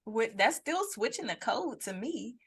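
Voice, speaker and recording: Laughing, animated woman podcaster on a call. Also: a little high, unhurried, vocal fry, husky. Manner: animated, laughing, slips into playful put-on voices. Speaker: podcast co-host. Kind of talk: casual chat. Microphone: video call.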